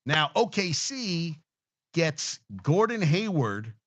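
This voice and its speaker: A man's voice: a little high, big pitch swings, slow, a bit bright. A man hosting a sports talk show, ranting casually and heatedly with lots of swearing and restarts. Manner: profane, heated, rambling with restarts.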